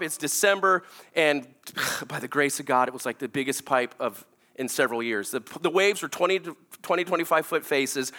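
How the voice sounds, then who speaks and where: A man in his forties preaching to a congregation, telling a self-mocking family story with animated energy and then turning to a hushed, earnest point. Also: high voice. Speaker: pastor. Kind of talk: storytelling sermon. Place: church, before a congregation.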